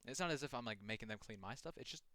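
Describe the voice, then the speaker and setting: A man's voice: mid-range voice, lively intonation, racing, bright, forceful tone, no room sound. A young man talking loosely over a horror game he is playing, rambling and restarting his sentences with many fillers. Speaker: gaming channel host. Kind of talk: casual gameplay commentary.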